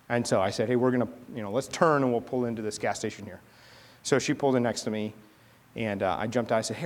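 A man in his thirties, a pastor, preaching a sermon in a conversational storytelling way with chatty asides. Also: medium pitch.

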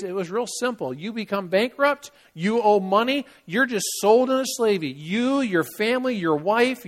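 A man preaching a sermon in a conversational way, asking his listeners rhetorical questions. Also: sits high. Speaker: pastor.

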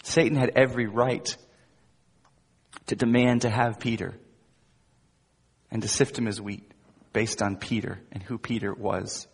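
Male pastor, sermon, husky voice, emphatic then hushed, long hall reverb. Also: fairly low pitch, steady tone, measured pace, long pauses. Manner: emphatic preaching with wide swings between loud emphasis and soft asides.

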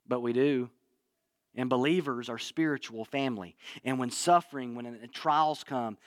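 A male pastor preaching a sermon in an earnest way, repeating key phrases and dropping his voice low for emphasis. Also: a bit bright, no room sound, clean studio sound.

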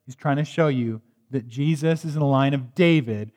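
A man's voice: medium pitch, normal speed, a little mellow. A man preaching a sermon, reading scripture and explaining it in a conversational, emphatic way with joking asides. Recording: reverberant hall.

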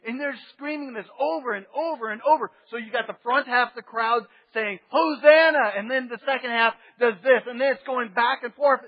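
A man preaching a sermon in a church sanctuary, telling the story in an animated way and swinging between loud bursts and near-murmurs. The recording is dull and lo-fi with a long hall reverb. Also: very high voice, a little fast, hardly any pauses, husky. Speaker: pastor.

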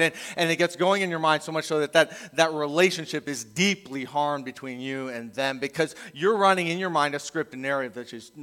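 A man's voice: a little high, pushed and bright, big-room sound. A middle-aged male pastor preaching a conversational sermon, acting out the voices he quotes.

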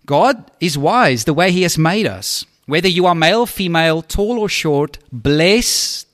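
A man's voice: fairly high pitch, animated, normal speed, fairly bright tone, dry recording, clean studio sound. A man preaching as a pastor, talking conversationally and often checking in with the congregation. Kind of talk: sermon.

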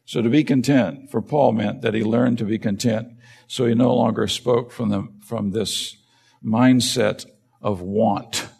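Gravelly-voiced pastor preaching. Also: male voice, medium pitch, steady tone, unhurried, darkish tone. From United States. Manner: emphatic, asks the listeners rhetorical questions. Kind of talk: sermon.

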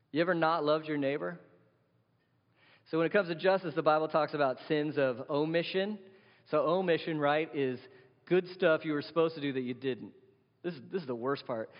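A man preaches in a casual, blunt way, firing questions at his congregation. His voice sits a little high. The sound is dull and rings with long reverb in a hall. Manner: conversational, blunt, asks the audience questions. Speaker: pastor. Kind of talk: sermon.

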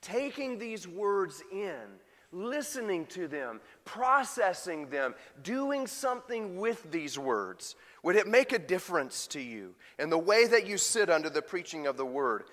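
A man's voice: high-pitched, very animated, unhurried, a bit bright, big-room sound. A man preaching a sermon and putting rhetorical questions to his congregation. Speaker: pastor.

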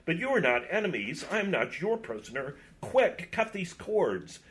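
Desperate spellbound knight as a man reads him, pleading, high and lively, anguished cries. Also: normal speed. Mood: urgent. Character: tormented enchanted knight, young man, desperate.

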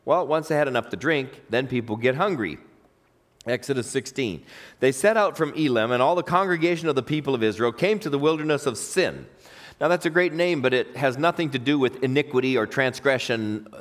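Delivering his sermon, the pastor tells stories and performs the voices he quotes, his pitch swinging widely.

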